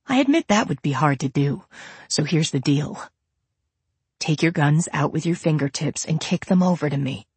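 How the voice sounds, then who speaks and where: A woman's voice: husky, no room sound. Woman voicing a cold cornered killer. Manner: slow, low, sometimes whispered threats. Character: cornered male serial killer, cold and menacing.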